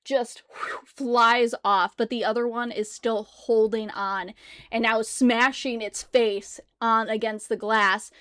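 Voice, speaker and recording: A woman's voice: a little high, steady tone, slow pace, fairly bright tone, no room sound, clean studio sound. A woman narrating a tabletop horror game as game master, adding sound effects as she goes.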